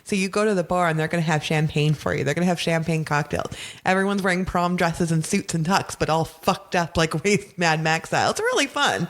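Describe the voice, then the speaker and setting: A woman's voice: on the low side, a little fast. Laughing, profane woman chatting. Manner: laughing, profane, animated storyteller. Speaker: guest. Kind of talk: casual podcast chat.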